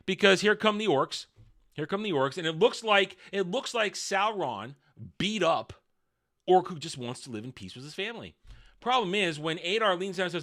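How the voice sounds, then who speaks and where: Sex: man. Role: video reviewer. Style: sarcastic ranting commentary. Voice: high and piercingly bright. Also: normal speed. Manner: sarcastic, mocking, repeats words when excited.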